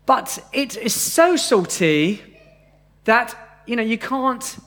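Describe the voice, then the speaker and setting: High-voiced male preacher. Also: very animated, slow pace, a bit bright. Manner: conversational, asks the congregation questions. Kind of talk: sermon. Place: church, live congregation.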